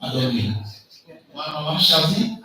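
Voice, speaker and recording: An African man giving a loud, emphatic motivational lecture at a conference, quizzing the audience with call-and-response questions. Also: on the high side, very animated, normal speed. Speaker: conference speaker. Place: large lecture hall. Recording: echoey hall, mic far off, faint noise.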